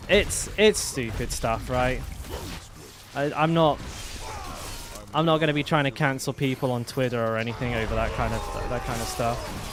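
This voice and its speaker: A young man with a mid-range, slightly bright voice chats casually at normal speed while streaming a game. He rambles a lot, filling his talk with fillers and restarts in a casual live-stream chat.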